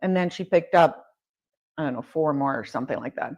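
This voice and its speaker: A woman in her fifties, a home builder guest on an interview podcast, telling lively stories and laughing often. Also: low voice, brisk, dull audio. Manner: animated storyteller, laughs often. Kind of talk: casual interview chat.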